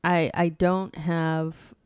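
A young woman co-hosts a podcast in an easygoing, laid-back way, drawing out her words. Her voice is smooth and resonant and sits a bit low. The sound is dry and close. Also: flat delivery, extremely slow, darkish tone, no echo. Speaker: podcast co-host. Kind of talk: casual chat.

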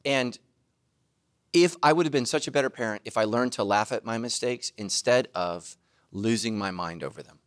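A middle-aged man preaching a sermon as pastor, joking, laughing at himself and breaking into loud shouted asides. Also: medium pitch, moderate pace.

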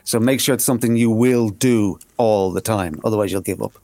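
A quick-talking man, chatting on a podcast. He is animated and jokey, and often stumbles over repeated words when he gets excited. The sound is close and dry, with no room around it. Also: lowish voice, dry recording. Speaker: podcast co-host. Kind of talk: casual podcast chat.

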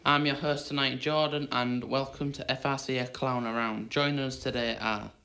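A man with a bright, crisp voice hosting a casual podcast. He sounds upbeat when he reads the questions aloud. He tells his own stories in a plain, easygoing way. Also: medium pitch, little pitch movement, moderate pace. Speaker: podcast host.

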